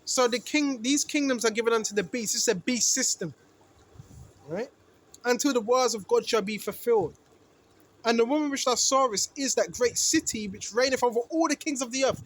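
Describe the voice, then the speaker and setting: A man teaching from the Bible in a sermon, asking rhetorical questions and often tagging lines with "right?". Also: moderate pace. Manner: preachy, asks rhetorical questions, repeats "right?"; rises in pitch and volume when emphatic. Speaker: street preacher.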